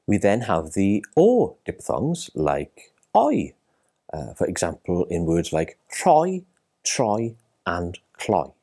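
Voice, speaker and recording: Deep, slow male language teacher. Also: huge pitch swings, warm tone. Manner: careful, spells out sounds. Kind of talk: scripted lesson narration.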